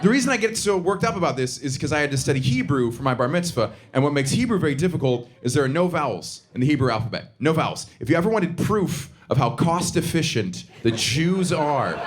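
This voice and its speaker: A young man from the Southern United States doing stand-up comedy, quick and animated, dropping into put-on voices for bits. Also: a little high, a crowd in the background. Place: theater stage before a laughing audience. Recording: live show with clear audience noise.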